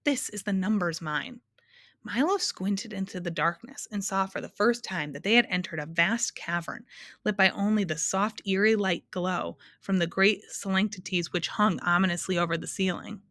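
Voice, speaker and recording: A woman narrating a storybook aloud in a measured, expressive way. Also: mid-range voice, dry recording, clean studio sound.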